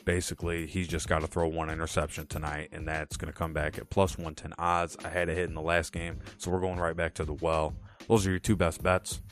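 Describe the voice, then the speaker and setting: A man's voice: extremely low pitch, a little fast, hardly any pauses. A man hosting a solo sports podcast, running through picks with punchy, jokey asides. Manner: animated, punchy pick announcements with jokey asides. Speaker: podcast host.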